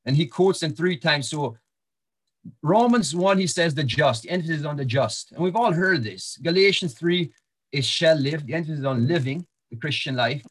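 Male preacher with a fairly high voice, teaching verse by verse, loose and halting. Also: animated, slightly rough. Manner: walks through verses, repeats words and restarts, frequent fillers. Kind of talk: sermon-style Bible teaching.

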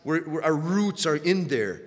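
A man preaching a sermon who stumbles over repeated words and surges louder on key points. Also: fairly high pitch, animated, a little slow, long reverb tail.

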